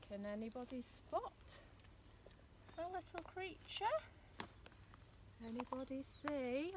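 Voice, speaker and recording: A woman presenting a play activity for small children, talking in a slow, exaggerated sing-song. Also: high voice, background noise.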